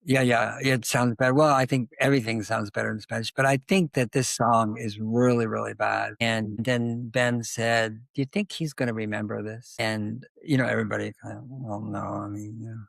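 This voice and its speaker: A man's voice: lowish voice, moderate pace, vocal fry, few pauses, no room sound. An older man telling a long, rambling story as a guest in an interview, with many asides. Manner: rambling anecdotal storytelling, animated.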